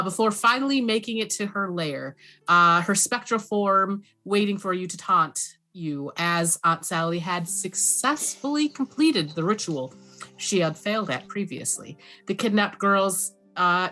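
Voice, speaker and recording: A woman narrating a tabletop game as dungeon master, halting with many fillers. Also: mid-range voice, pushed and bright.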